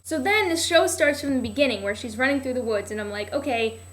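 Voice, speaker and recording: A woman's voice: sits high, expressive, quick pace, a bit bright. A young woman vlogging a casual, rambling recap of a TV show, sarcastic and full of "like", often losing her place.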